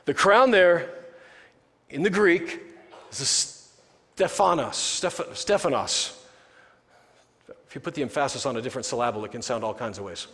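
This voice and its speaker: A man with a fairly high voice preaches a sermon in a casual, joking manner and often restarts his sentences. The recording carries a long reverberant tail, as in a large hall. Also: fairly bright tone. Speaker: pastor.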